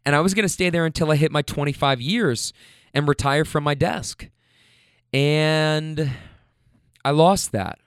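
A man's voice: a little high, smooth, dry recording, natural voice. Man playing a grateful, confident woman in recovery; heartfelt, close and dry. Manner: warm, heartfelt.

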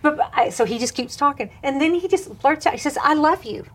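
A woman with a drawl and a slightly high voice talks as a Christian minister on a talk show. She tells stories with animation, laughs often and acts out other people's voices. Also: fast. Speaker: TV and radio minister.

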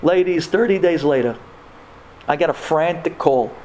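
With a fairly high, darkish voice at a moderate pace, a man recounts a heartfelt personal story to a live audience, a slight hiss or hum under the recording. He stumbles and starts over at times, weaving in Hebrew and Yiddish religious terms.

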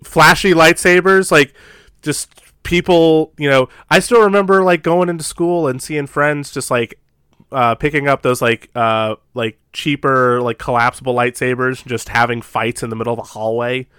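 A young man co-hosting a podcast, talking in an animated, casual way and laughing often. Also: mid-range voice, moderate pace, clean tone, dry recording, clean studio sound. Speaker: podcast co-host. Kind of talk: casual chat.

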